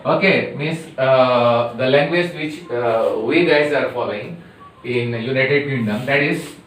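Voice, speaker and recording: A man with an Indian English accent teaching pronunciation, repeating each word slowly and deliberately like a classroom drill. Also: mid-range voice, a bit bright, slight background noise. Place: classroom or coaching centre. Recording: echoey room, voice from a distance.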